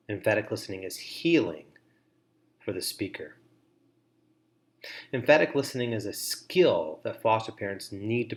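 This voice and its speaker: Middle-aged male webinar presenter, lowish voice, earnest, measured delivery with steady pauses. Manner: earnest, measured advice with deliberate pauses and repeated phrases. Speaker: foster care educator, webinar presenter. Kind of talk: instructional webinar talk.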